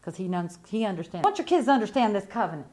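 A middle-aged woman preaching a sermon with fervent conviction, swinging from quiet reflection to loud emphatic bursts. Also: mid-range voice, sing-song, racing.

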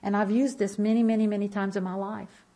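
A woman's voice: medium pitch, little pitch movement, fairly quick, mellow. A woman in her fifties giving an impassioned church testimony, emphatic and repeating phrases as she tells her story.

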